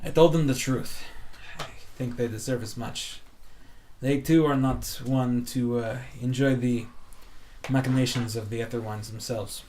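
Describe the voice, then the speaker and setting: A man's voice: medium pitch, steady tone, measured pace, darkish tone, recorded from a distance, a little hiss or hum, natural voice. A man voicing a worried, earnest male conspirator in a tavern. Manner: anxious, earnest.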